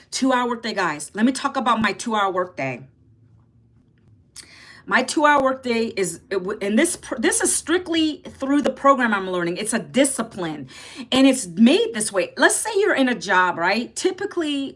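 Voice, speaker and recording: A woman's voice: a little high, a bit bright. A woman in her fifties from Northern Virginia, hosting a casual livestream, chatting with viewers and answering their comments. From Northern Virginia, United States. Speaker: livestream host. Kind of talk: casual livestream talk, reading chat.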